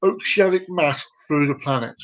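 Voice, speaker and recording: A man's voice: on the high side, moderate pace. A man hosting a casual live-stream vlog, reading out fun facts in a rambling, jokey way and repeating himself. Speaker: vlog host.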